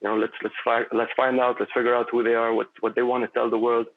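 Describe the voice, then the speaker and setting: Male podcast guest, mid pitch, rambling and reflective, gravelly, heard through a narrow phone-like line. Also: flat delivery, fast talker. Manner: rambling, philosophical, with many fillers and restarts. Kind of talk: casual conversation.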